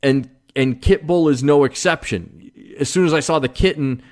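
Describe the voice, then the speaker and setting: A man's voice: a little high, normal speed. A man hosting his own podcast, talking casually on his own in a rambling, jokey way with lots of fillers and restarts. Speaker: podcast host. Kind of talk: casual solo monologue.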